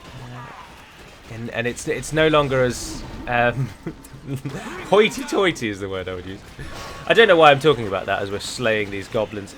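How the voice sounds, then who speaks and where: A man's voice: mid-range voice, expressive, normal speed, fairly bright tone. Chatty English man commenting on a game. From England. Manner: chatty, rambling asides. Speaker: gaming YouTuber. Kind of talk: let's play commentary.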